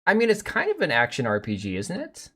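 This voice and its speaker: A man's voice: on the high side, huge pitch swings, fast talker, sharp tone. A middle-aged man hosting a live stream, rambling bluntly with profanity as he reads and answers chat.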